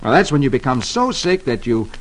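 A man's voice: mid-range voice, sing-song, fairly quick, low-quality recording. A man hosting an old-time radio comic reading, telling the story in a playful, storytelling way. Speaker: host reading the Sunday comics.

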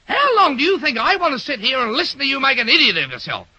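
A man's voice: very high voice, huge pitch swings, fast, pushed and bright, no echo, full character voice. An actor playing a fussy, exasperated male schoolteacher, stammering as he scolds his class in an old radio comedy. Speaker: teacher. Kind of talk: 1940s radio comedy acting.

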